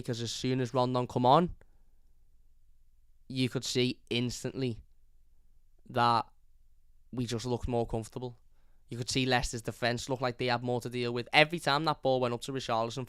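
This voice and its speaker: Young scouse guy ranting about the match, really clean dry sound, kind of monotone. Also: medium pitch, clear, resonant tone, no echo. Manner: blunt, opinionated, repeats points. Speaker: fan channel host. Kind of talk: live match review reading chat comments.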